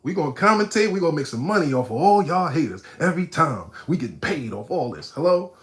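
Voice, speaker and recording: A man, his voice sitting a little high, talks to his live-stream chat in loose street slang. He is animated and mocking, sliding from low, muttered asides into loud, scornful outbursts. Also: brisk. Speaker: live-stream host reacting to a video. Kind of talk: casual live-stream commentary.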